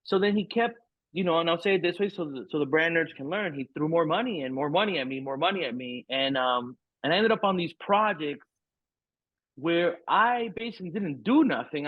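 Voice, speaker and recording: A middle-aged man, guesting on a podcast, tells a candid, rambling story, cursing freely and piling up fillers in a frank, profane way. His voice is a little high and animated at a normal speed. The line sounds tinny and phone-like, dry with no room sound.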